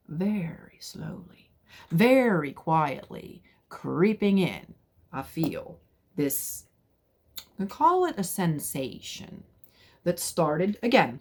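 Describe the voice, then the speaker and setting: Lower-voiced woman telling a story animatedly. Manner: animated, drops to whispers for suspense. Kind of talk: casual personal storytelling.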